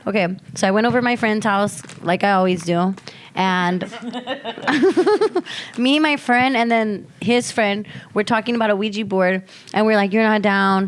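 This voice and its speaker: A woman on a casual chat podcast, spinning a story in a loose, swearing, animated way. She slips into her friends' voices as she tells it, at a middling pitch for a woman. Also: a little slow, a little hiss or hum. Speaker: podcast co-host.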